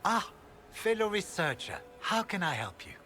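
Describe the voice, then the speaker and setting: A man voicing an excitable, formal dragon researcher in a game. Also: high voice, moderate pace, full character voice. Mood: enthusiastic. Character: eager scholarly male dragon researcher.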